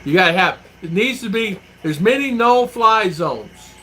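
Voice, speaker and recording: A vlogger living abroad chats casually on a livestream in a high-pitched, expressive, slightly bright voice, speaking a little slowly. He reads out chat comments and rambles through stories, acting out the quotes. The audio is poor, with a little hiss or hum.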